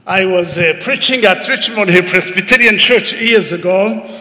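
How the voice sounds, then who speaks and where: A man in his fifties preaching a sermon as a guest preacher, excitable and emphatic with folksy asides to the congregation, in a church. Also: high-pitched, normal speed. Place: church sanctuary. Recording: long church hall reverb.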